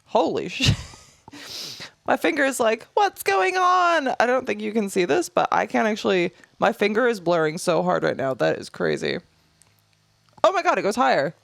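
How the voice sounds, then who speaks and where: A woman in her thirties hosts a solo podcast, giggling and talking to herself with animated energy while she unboxes products in a small room. Her voice sits at a medium pitch with some vocal fry, moving at a normal speed, and the recording has no room sound.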